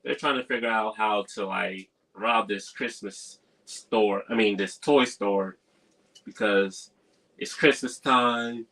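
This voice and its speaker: A man's voice: on the low side, slow, pushed and bright. A man hosting a live stream, casually recapping a movie plot in slangy talk and chuckling often as he goes. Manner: slangy, chuckles often while recounting scenes.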